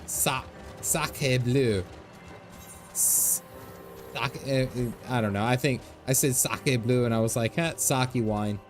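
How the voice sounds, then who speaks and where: A man's voice: mid-range voice, fairly even intonation, slow, long pauses, soft background music. A man in his thirties streaming a game, chatting casually with lots of laughs, dad jokes and game lines read aloud. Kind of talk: casual gameplay commentary.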